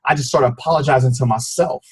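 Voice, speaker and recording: Husky-voiced man giving an emotional motivational talk. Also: mid-range voice, quick pace, rough recording. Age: adult with a child. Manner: emotional, preacher-like, addresses listeners as y'all. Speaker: fitness coach. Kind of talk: motivational team call talk.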